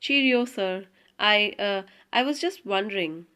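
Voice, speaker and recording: A woman's voice: medium pitch, a little slow, pushed and bright, clean tone. A woman voicing a sly, cocky male prisoner in an audiobook reading, teasing in manner. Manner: cheeky, teasing.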